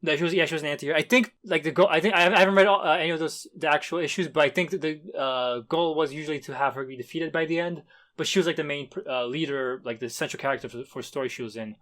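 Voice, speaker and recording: A man's voice: on the high side, very fast, fairly bright tone. A man co-hosting a podcast in casual chat, rambling and stop-start with emphatic bursts. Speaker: podcast co-host.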